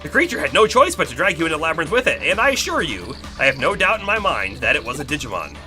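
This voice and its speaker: A streamer reading the lines of a brisk, analytical detective boss in a matter-of-fact way. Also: mid-range voice, very animated, sharp tone, faint music behind.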